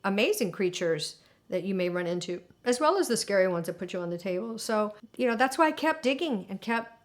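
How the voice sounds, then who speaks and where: A woman in a documentary interview, telling a personal story in an animated, emotional way with lots of fillers. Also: medium pitch, fairly quick. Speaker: interviewee recounting alien contact.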